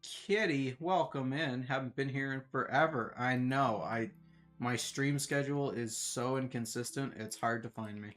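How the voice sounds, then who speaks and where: Rambling streamer, self-mocking. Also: male voice, mid-range voice, normal speed, a bit bright, faint music behind. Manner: rambling, self-deprecating, laughs often. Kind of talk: casual chat while gaming.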